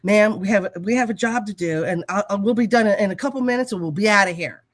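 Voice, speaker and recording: A man's voice: high-pitched, fast, fairly bright tone, no room sound, studio quality. A woman mimicking a curt, dismissive workman. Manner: brusque, brushing her off. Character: curt dismissive male construction worker.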